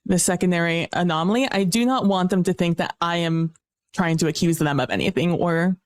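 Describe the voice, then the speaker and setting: A woman playing a tabletop game who describes her character's actions in a relaxed, playful way, with many fillers. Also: fairly low pitch, brisk, no room sound. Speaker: player.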